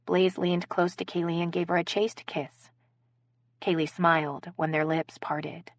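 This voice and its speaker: A woman narrates a sweet romance audiobook in a lower register. Her delivery is close and dry, with no room sound. She moves between narration and the characters' dialogue, changing pitch and pace for each speaker. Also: flat delivery, measured pace, dry recording.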